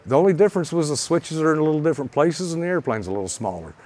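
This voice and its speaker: A man, a pilot and author, telling a story from a stage in a salty, animated way, his voice rising and heating up at times. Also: on the high side, racing. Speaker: pilot and author giving a talk. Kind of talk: storytelling presentation. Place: event stage.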